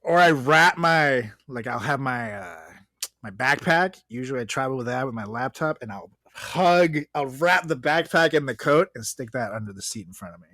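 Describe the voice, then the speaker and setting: A man's voice: medium pitch, lively intonation, moderate pace, sharp tone, dry recording, studio quality. A young man co-hosting a podcast, ranting in casual chat, swearing freely and laughing often. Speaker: podcast co-host.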